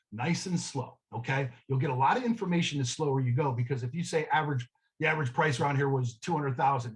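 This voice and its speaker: During a real estate sales training, a man tells a story in a chatty, conversational way, regularly pausing to ask the room "okay?" His mid-range voice moves fast, and the recording quality is low.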